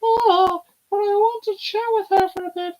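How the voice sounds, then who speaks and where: A very high, squeaky cartoon-mouse voice for a flirtatious, teasing fellow. It is chirpy and playful, pitched far above the reader's own. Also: male voice, fairly even intonation, moderate pace, darkish tone.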